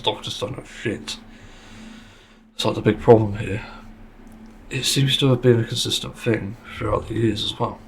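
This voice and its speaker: A man with a low-pitched, gravelly voice talks through a casual solo podcast monologue. He speaks bluntly and swears freely, and slips into sarcasm now and then. Faint ambient noise sits behind him. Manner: blunt and sweary, with a frank complaining tone; sarcastic at times. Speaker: podcast host.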